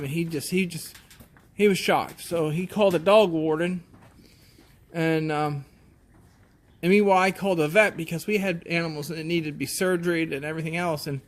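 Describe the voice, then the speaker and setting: A man who farms goats, telling a story in a plainspoken, halting way, often restarting his sentences. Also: on the high side. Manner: plainspoken, halting, shaken retelling. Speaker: goat farmer. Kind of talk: casual storytelling.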